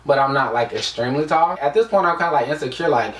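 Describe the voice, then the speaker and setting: A man's voice: on the high side, expressive, a little fast, hardly any pauses, fairly bright tone, recorded from a distance. A young man from the United States telling a casual storytime vlog, rambling with lots of fillers. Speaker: vlogger. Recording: echoey room, away from the mic.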